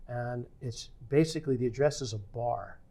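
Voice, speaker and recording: An older man spinning a long story from his career, voicing the other people in it as he goes. His delivery is animated, and he keeps things conversational, with a mid-range pitch that is typical for a man. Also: normal speed, gravelly. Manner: animated storyteller acting out quoted dialogue. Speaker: podcast guest.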